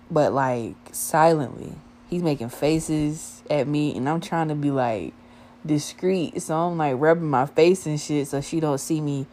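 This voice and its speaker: A woman's voice: low voice, darkish tone. A woman in her twenties telling a casual, profane story with lots of slang.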